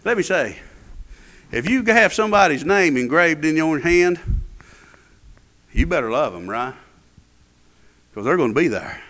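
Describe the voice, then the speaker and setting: A man's voice: on the high side, animated, measured pace, long pauses, a bit bright. A man preaching a sermon in an emphatic, rising and falling cadence. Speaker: pastor. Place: church.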